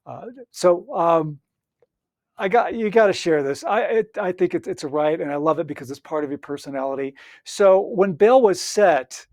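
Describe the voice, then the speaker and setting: A man's voice: on the high side, darkish tone, no echo, studio quality. A man hosting a coaching podcast, asking his guest long questions with many fillers and restarts. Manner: halting, with many "uh" and restarts while framing questions. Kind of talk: interview questions.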